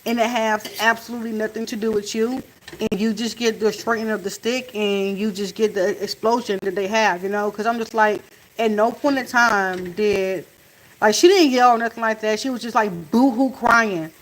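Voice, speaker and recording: A woman in a casual storytime chat, retelling events in an animated way and acting out what was said, while cooking in her home kitchen. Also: mid-range voice, normal speed, slight background noise, low-quality recording. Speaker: family vlogger. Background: faint sizzle of frying food.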